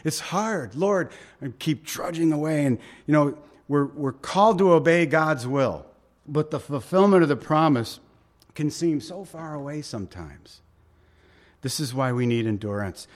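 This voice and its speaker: A man preaching a sermon with emphasis, asking rhetorical questions and slowing down to stress scripture. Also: fairly high pitch, expressive. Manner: asks the listeners rhetorical questions. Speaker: pastor.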